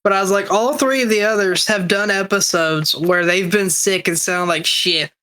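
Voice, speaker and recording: A man's voice: high voice, fairly even intonation, moderate pace, sharp tone, smooth. A man co-hosting a podcast while sick, rambling casually with restarts and swearing. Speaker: podcast co-host. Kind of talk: casual chat.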